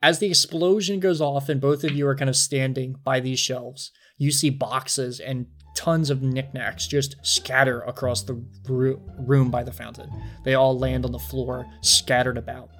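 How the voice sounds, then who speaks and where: A man running a tabletop game as game master, narrating scenes in a measured, descriptive way with small fillers. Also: mid-range voice, steady tone, a bit bright, soft background music.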